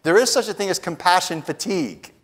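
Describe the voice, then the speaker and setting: A man with a voice on the higher side delivers a sermon. He stresses his points, drops to hushed lines, then rises to bold declarations. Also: lively intonation, fairly quick, husky. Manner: emphatic, often adds a tag question "right?"; moves between hushed lines and raised declarations. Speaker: preacher.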